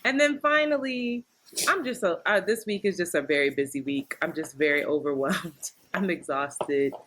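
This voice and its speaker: A woman's voice: lowish voice, normal speed, a bit bright, a little hiss or hum. A woman co-hosting a casual podcast, telling a story with lots of laughter and acted-out quotes. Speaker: podcast co-host.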